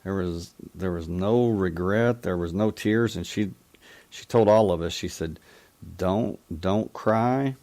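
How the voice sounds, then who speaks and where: A man hosting a call-in talk show, telling a personal story in a reflective, halting way. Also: low-pitched, warm tone. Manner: reflective, halting, with frequent restarts. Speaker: radio call-in show host.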